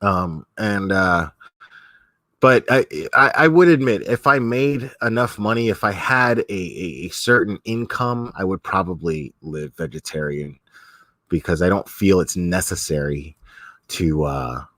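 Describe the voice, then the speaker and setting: A man's voice: low-pitched, measured pace, a bit bright, dry recording. A man giving casual commentary as a streamer, rambling with many restarts and frequent swearing.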